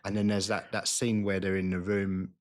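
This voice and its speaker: Man, low voice, casual film podcast chat, stumbling restarts. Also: flat delivery. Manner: rambling, halting restarts. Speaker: podcast co-host.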